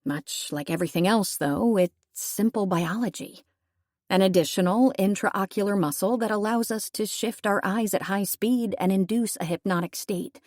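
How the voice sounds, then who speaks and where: A woman's voice: mid-range voice, moderate pace, darkish tone, dry recording, studio quality. A young woman reading a first-person audiobook, telling the story in a wry, conversational way. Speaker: audiobook narrator.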